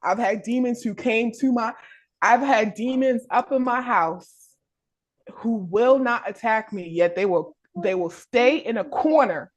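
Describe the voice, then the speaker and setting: A woman's voice: a little high, measured pace. A woman in casual spiritual chat, often affirming her friend and laughing as she tells her own story. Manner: agreeable, frequent affirmations, laughing. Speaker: podcast co-host.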